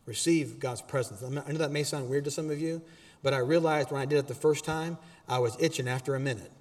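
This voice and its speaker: A man preaching a sermon as pastor in a church auditorium, animated and exhorting, with casual asides to the congregation. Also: medium pitch, fairly quick, long reverb tail.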